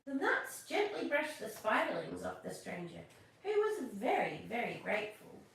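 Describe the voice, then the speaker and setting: A woman reading a children's story aloud on a live stream, expressive, chatting with viewers between pages. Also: a little high, normal speed, gravelly, recorded from a distance. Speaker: storyteller host. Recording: echoey room, voice off-mic.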